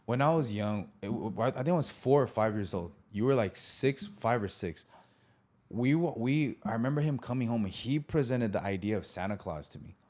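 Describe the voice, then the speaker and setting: Lively man telling a story with laughs. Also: medium pitch, moderate pace. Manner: animated, acts out quoted voices, laughs often. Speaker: podcast host telling a childhood story. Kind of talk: casual storytelling.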